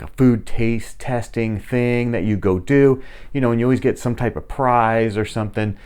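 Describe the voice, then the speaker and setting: A middle-aged man casually telling rambling stories while giving a tour of his home. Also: lowish voice. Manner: chatty, rambling, animated when retelling. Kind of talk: casual storytelling.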